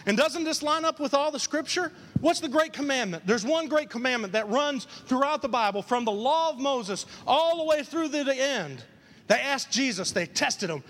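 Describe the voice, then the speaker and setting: High-voiced preacher in an echoing church. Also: male voice, normal speed. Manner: animated preaching, acts out quoted voices, repeats lines for emphasis. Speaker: pastor. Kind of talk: sermon.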